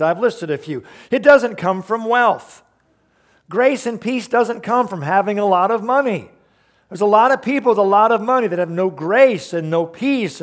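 A man preaching a sermon, emphatic, asking the congregation rhetorical questions and explaining verses. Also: sits high. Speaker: pastor.

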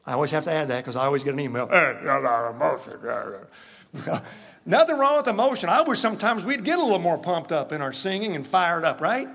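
A male pastor preaching a sermon, emphatic and animated, swinging from loud, excited exhortation to quiet asides. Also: sits high, fast, few pauses.

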